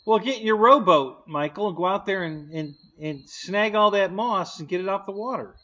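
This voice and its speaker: A man's voice: sits high, normal speed, pushed and bright. A man hosting a casual live stream, answering chat with jokes and frequent laughter. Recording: dull lo-fi stream audio.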